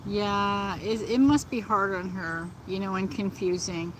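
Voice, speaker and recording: A woman chatting gently on a live stream from outdoors, laughing often. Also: mid-range voice, fairly even intonation, a little slow, noisy background. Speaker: vlogger. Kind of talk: casual live-stream chat. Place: outdoors in nature.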